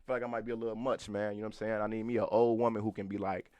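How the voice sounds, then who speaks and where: A young man in his twenties rattles off casual podcast talk at a quick clip, loose and profane, often laughing and calling out to his live chat. His voice sits fairly low, and the sound is dry and close, with little room around it. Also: level tone, darkish tone, no echo. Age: 20s. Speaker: podcast co-host.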